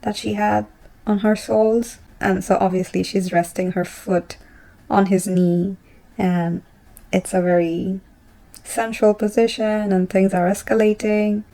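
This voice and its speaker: Gushing young woman with a gravelly voice. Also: mid-range voice, slow pace. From Bangladesh. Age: young adult. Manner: gushing, animated retelling with giggles and whispered asides. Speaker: book vlogger. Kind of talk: casual book recap.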